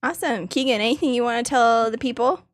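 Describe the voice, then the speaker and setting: A woman hosting a casual stream, upbeat and quick to laugh. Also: fairly high pitch, no echo, clean studio sound. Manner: lively, laughs often. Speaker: host. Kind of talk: casual chat, wrapping up a stream.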